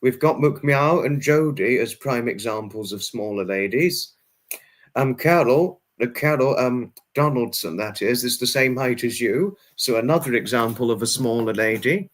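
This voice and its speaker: A man with a voice of middle pitch hosts a livestream and chats with his viewers. He is friendly and repetitive, and he fills his talk with ums and restarts. He reads the chat aloud and answers each viewer in turn. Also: lively intonation, normal speed. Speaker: livestream host reading chat.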